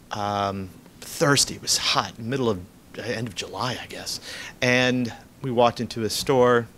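Low-voiced man telling a family story. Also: creaky, fairly bright tone, a little hiss or hum. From United States. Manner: rambling, frequent fillers and restarts. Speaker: author giving a reading. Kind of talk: anecdotal storytelling at a reading. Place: event room.

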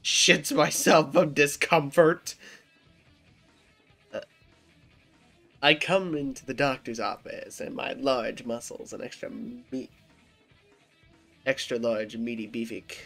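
A comedic narrator reads chat screenshots aloud, acting out both sides with wild jumps in pitch and dry, deadpan asides.

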